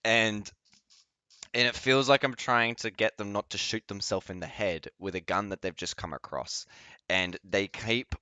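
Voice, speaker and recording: A man's voice: on the low side, normal speed, bright, forceful tone, smooth, no room sound, muffled recording. A man commentating on a clip during a casual live stream, swearing and mocking people in put-on voices. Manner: swearing, sarcastic, acts out people in exaggerated voices.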